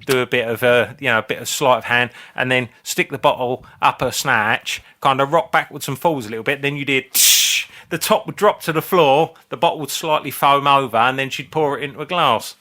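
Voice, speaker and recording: A man's voice: mid-range voice, fairly quick, hardly any pauses, sharp tone. A man in his fifties, co-hosting a comedy podcast as a rambling, sweary storyteller. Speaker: podcast co-host. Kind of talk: casual chat.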